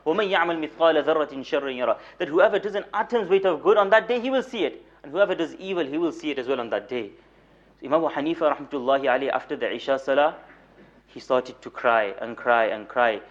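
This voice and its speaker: A young man lecturing in a mosque as a moulana, telling stories with light humor, repeating words for emphasis and reciting Arabic rapidly. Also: on the high side. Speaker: moulana giving a weekly lecture. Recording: dull lo-fi recording.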